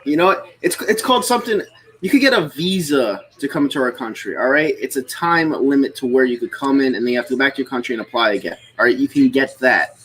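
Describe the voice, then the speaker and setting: A man's voice: mid-range voice, fast, fairly bright tone, husky, poor audio. A man from the United States on a live stream, explaining his views in a lecturing way and often checking in with "all right?". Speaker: stream host. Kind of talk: casual political chat on a live stream.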